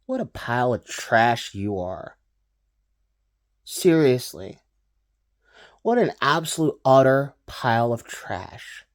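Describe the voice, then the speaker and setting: A man's voice: mid-range voice, big pitch swings, slow pace, pauses often. A man hosting a reaction commentary, ranting scornfully at a clip. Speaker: commentary host.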